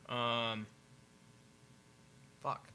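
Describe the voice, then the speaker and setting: A man's voice: medium pitch, flat delivery, extremely slow, sharp tone, a little hiss or hum. A man playing in a tabletop game, talking casually, often stammering and hesitating. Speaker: player.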